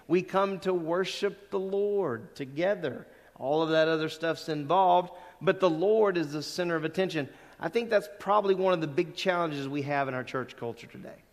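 Man preaching in an echoing church hall. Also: high-pitched. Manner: emphatic, conversational, with sudden loud stresses on key words. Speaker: pastor. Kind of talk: sermon. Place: church sanctuary. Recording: long reverb of a church hall.

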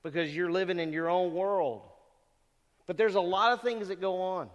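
A man's voice: high-pitched, moderate pace, muffled recording. A middle-aged man preaching a sermon to graduating students, earnest and conversational, often asking rhetorical questions. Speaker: pastor. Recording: long reverb of a hall.

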